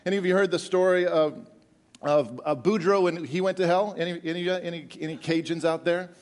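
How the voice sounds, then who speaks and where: A middle-aged man preaching a sermon, animated and joking with the congregation, often repeating words as he goes. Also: fairly high pitch, a little fast. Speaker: pastor.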